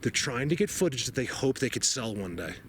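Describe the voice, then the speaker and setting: A man vlogging outdoors in a snowy forest, emotional and awed, rambling and sometimes dropping to a hushed voice. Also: medium pitch, big pitch swings, a little fast, slight background noise. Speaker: vlogger exploring the woods. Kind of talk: excited outdoor vlog narration.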